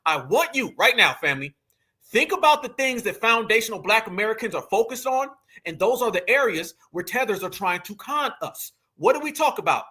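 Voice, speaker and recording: A man's voice: high voice, sing-song, brisk, bright, forceful tone, husky. A man hosting commentary, talking heatedly and preachily, often calling his listeners family. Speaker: commentary channel host. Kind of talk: heated commentary reacting to a clip.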